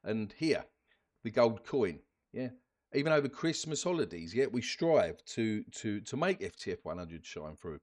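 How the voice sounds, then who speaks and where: A man's voice: fairly low pitch, very animated, normal speed, a little mellow. A man talking casually over his screen as host of a crypto channel, chatty, ending lines with "yeah?" and often restarting his words. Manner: chatty, keeps adding "yeah?" and "guys". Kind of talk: casual screen-share commentary.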